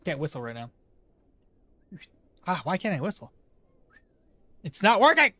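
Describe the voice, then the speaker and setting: A lively game streamer talking to viewers in a relaxed stream from home. The voice swings widely up and down in pitch, bouncing between game talk and cooing at a pet. Chatty and animated throughout. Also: unhurried, a little hiss or hum. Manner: animated, chatty, talks to chat and coos at a pet. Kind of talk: casual live-stream chat while playing.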